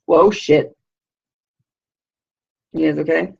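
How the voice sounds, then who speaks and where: A woman's voice: sits low, takes it slowly, creaky, a little mellow, slightly rough. A middle-aged woman hosting a live stream, chatting in a slangy, rambling way with lots of fillers and casual swearing. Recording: dull lo-fi live-stream audio.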